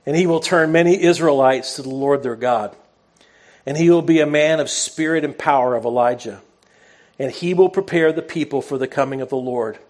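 A man's voice: medium pitch, moderate pace, darkish tone. Earnest conversational male preacher. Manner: self-deprecating humor. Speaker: pastor. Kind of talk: sermon.

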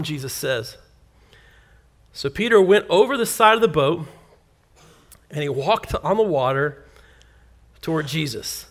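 A man with a fairly high voice preaches a sermon. He tells the story in an animated way, acting out what the people in it say. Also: measured pace, long pauses. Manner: animated storytelling, acts out quoted lines. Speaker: pastor.

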